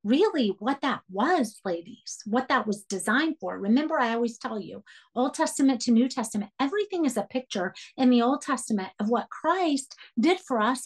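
A woman with a somewhat high voice leads a Bible study for women. She teaches earnestly and with emphasis, pressing her listeners to write points down. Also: lively intonation, moderate pace, slightly rough.

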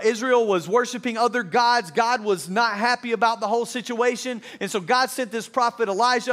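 A man with a high voice preaches a sermon. He is an earnest pastor who repeats his phrases and builds emphasis. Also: a bit bright. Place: church service before a congregation.

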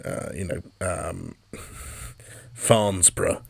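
Low-voiced male co-host, jokey and soft-spoken, dry close mic. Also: fairly even intonation, slow pace, creaky, dry recording. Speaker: podcast co-host. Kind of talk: casual chat.

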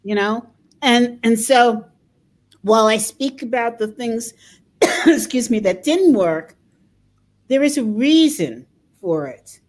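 An older woman from the United States, speaking in a conversational interview, reflective, pausing and repeating words as she thinks. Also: a little high, expressive. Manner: reflective, pauses and repeats words, laughs softly.

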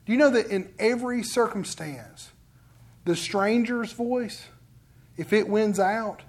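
A man's voice: high-pitched, expressive, measured pace, long pauses, a little mellow. A man preaching a sermon in a conversational storytelling way, acting out what other people say. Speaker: pastor.

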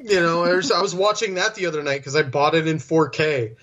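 A man's voice: on the high side, steady tone, a little fast, fairly bright tone. Rambling man on a dull, muffled line. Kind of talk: casual chat about movies.

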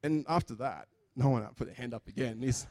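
A man's voice: medium pitch, a little fast. A man preaching a sermon in a chatty, joking way, acting out the people in his stories. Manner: animated, chatty, jokes and acts out quotes. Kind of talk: sermon with storytelling.

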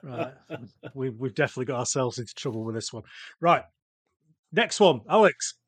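A man hosting a podcast in casual banter, often halting and repeating his words. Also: mid-range voice, animated, breathy edge, dry recording. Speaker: podcast host.

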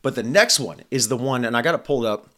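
A man's voice: medium pitch, quick pace, bright, forceful tone. A man hosting his own podcast, talking in a blunt, profane, rambling casual monologue. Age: adult. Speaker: podcast host.

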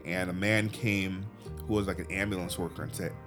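A man earnestly telling a personal faith story, often halting and restarting his sentences. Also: low-pitched, fairly even intonation, music in the background. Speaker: guest telling his testimony.

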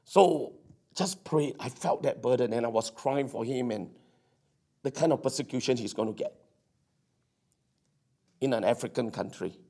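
A male pastor preaching a sermon, telling a story with excited exclamations and stammered restarts. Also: mid-range voice, normal speed, long pauses.

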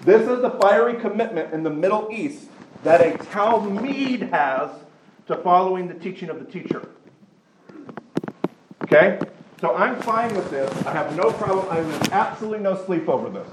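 A man with a high voice teaches a Bible class to a live group. He is animated and conversational, slipping into quick voices of other people as he explains. The room is echoey, with steady noise behind him.

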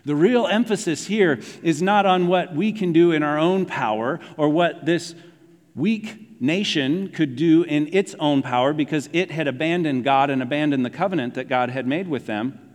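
Male pastor, animated sermon delivery with quiet low emphasis, recorded in a reverberant hall. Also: moderate pace. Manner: animated, conversational preaching, dropping low for emphasis.

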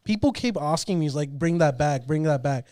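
High-voiced man in casual chat. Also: animated, normal speed, a little mellow. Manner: swearing, rambling. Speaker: podcast host.

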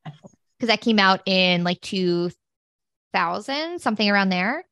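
A woman's voice: medium pitch, lively intonation, a little slow, a bit bright, dry recording. Rambling woman in her thirties, dry close sound. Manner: rambling, filler-heavy storytelling. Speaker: podcast co-host. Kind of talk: casual chat.

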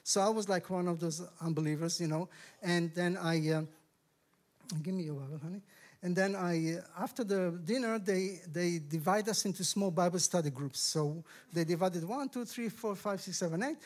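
A middle-aged Israeli man, a guest speaker sharing his testimony in a sermon, telling the story with lively acted-out dialogue. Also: high-pitched, moderate pace. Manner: animated storyteller, acts out dialogue with raised voices. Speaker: guest speaker, ministry director.

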